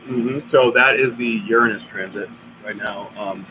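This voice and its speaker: Relaxed man explaining astrology over a thin line. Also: lowish voice, moderate pace. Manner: relaxed, explains, laughs along. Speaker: astrology coach and co-host. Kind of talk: casual live chat. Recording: phone-like live stream audio, faint noise.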